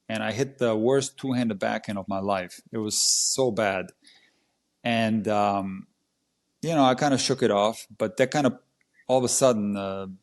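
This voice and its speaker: A tennis coach telling a match story in a casual, vivid and animated way on a podcast. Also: male voice, on the low side.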